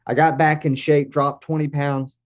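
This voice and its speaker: An American man in his forties, a podcast guest telling lively anecdotes. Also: a little high, moderate pace. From United States. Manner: lively anecdotes with acted-out quotes. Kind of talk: casual storytelling.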